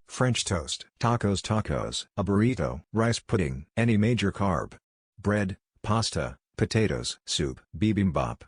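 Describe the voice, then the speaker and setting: Male narrator, very low voice, dry close sound, even delivery for post read-outs. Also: no echo. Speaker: narrator reading forum posts. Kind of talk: scripted narration.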